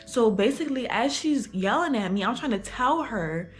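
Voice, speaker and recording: A woman's voice: fairly high pitch, animated, moderate pace, faint music behind. A young adult woman telling a casual storytime for her vlog, talking in slang with lots of fillers. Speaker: vlogger.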